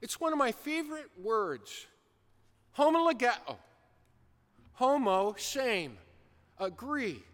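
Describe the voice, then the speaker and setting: High-voiced preacher in a reverberant hall. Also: male voice, slow pace, long pauses. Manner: animated storytelling, acting out a shouting coach. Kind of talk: sermon.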